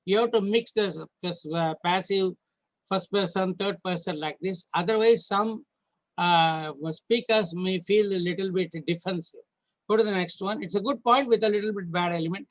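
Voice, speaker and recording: A man with a rather high voice leads a training session for judges. He works through slides one point at a time, instructive and a little halting, with frequent restarts. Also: poor audio. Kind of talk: online training lecture.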